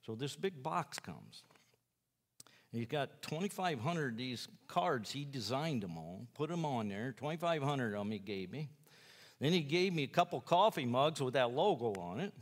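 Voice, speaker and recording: A man's voice: mid-range voice, expressive, moderate pace, big-room sound. A man who preaches in jails tells his personal testimony in a folksy, rambling way, acting out the lines of other people. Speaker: jail preacher.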